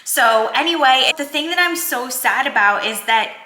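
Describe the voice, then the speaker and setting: A woman's voice: sits high, animated, moderate pace, bright, forceful tone. A woman in her thirties, a working mom vlogger, talking in a chatty, heartfelt way with lots of filler words. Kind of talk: casual vlog chat. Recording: echoey room.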